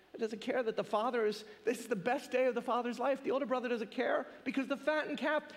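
A man preaching a sermon in an animated, conversational way, often asking rhetorical questions. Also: very high-pitched, long reverb tail.

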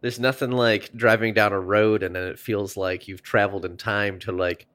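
A man's voice: on the low side, level tone, moderate pace, noisy background. A man co-hosting a casual podcast, talking in a wry, sarcastic way. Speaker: podcast co-host. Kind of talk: casual chat.

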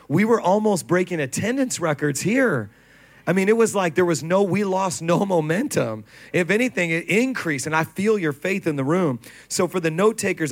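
A man preaching to a congregation, telling stories with laughter and acted quotes. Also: fairly high pitch. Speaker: pastor. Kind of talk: sermon. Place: church stage before a congregation.

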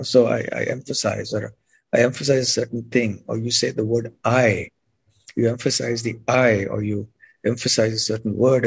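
Husky guy explaining slow and careful, keeps clearing his throat, podcast guest. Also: mid-range voice. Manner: measured, frequent throat clearing, sips to soothe throat. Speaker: guest monk.

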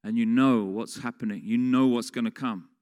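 With fairly even intonation, a mid-range and slightly mellow voice, a man delivers a sermon at moderate pace. He talks conversationally and asks the congregation questions, amid a large hall's long reverb.

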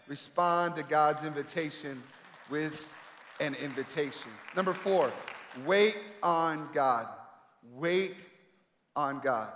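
A man preaching a sermon with emphatic delivery and dramatic pauses, swinging between loud calls and quiet asides. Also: on the high side, a faint crowd. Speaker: pastor. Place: large echoey hall. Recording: echoey hall with long reverb.

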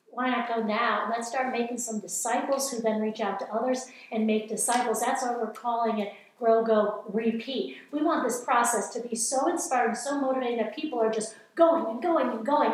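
Passionate woman preacher in an echoey room. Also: a little high. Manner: passionate, earnest, exhorting. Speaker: speaker. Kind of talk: evangelical teaching talk.

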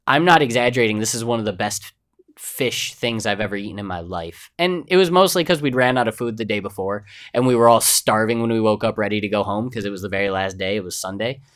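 A man's voice: on the low side, fast, a bit bright. A young man hosting a podcast on his own, chatting casually and rambling from one thing to the next. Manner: rambling, chatty, easily sidetracked. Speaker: podcast host. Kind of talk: casual solo podcast chat.

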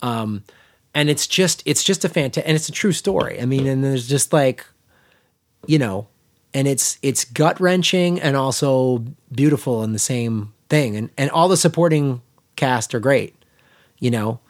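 A man's voice: medium pitch, expressive, unhurried. A man co-hosting a casual film podcast, gushing about a movie in a rambling way, with many restarts and fillers. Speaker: podcast co-host. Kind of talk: casual film review chat.

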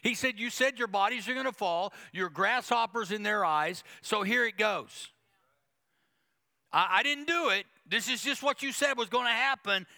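Pastor guy preaching, super bright voice kinda high, punchy and repeats himself a lot. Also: normal speed, vocal fry. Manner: emphatic preaching with quoted asides and repetition. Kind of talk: sermon.

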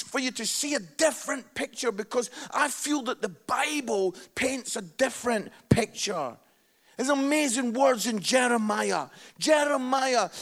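A man's voice: extremely high pitch, creaky, a bit bright. A man giving a sermon-style talk as a travelling evangelist, chatty and jokey, often checking in with "yeah?". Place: hall with a live audience.

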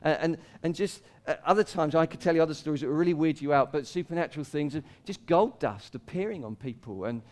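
Casual and quick to laugh between points, a male pastor preaches, soaring on quoted cries and dropping to a low murmur for scripture. He speaks fast, with few pauses.

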